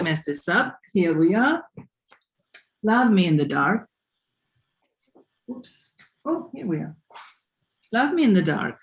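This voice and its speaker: A woman hosting a poetry salon over a video call from home, talking in an unhurried way and correcting herself now and then. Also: medium pitch, darkish tone. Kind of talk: casual online event hosting.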